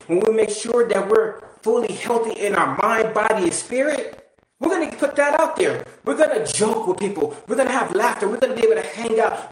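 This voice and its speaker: A high-voiced man delivers a blunt motivational monologue, swearing casually and pressing the listener with direct questions. His voice bounces around a roomy, echoey space. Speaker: motivational speaker. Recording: roomy echo.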